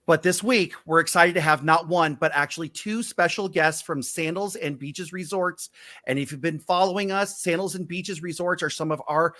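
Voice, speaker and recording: An upbeat man hosts a casual live stream over a video call and teases his guests playfully. His voice is bright and a little high. The sound is dry and close. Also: normal speed, no room sound. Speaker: travel agent hosting a live stream.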